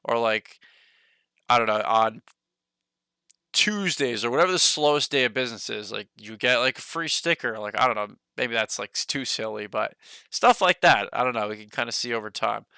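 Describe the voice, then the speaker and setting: A man's voice: mid-range voice, lively intonation, normal speed, gravelly, bright, forceful tone, clear, resonant tone, no room sound. A young man hosting a casual stock livestream, rambling loosely with lots of "like" and "you know", a bit short of breath.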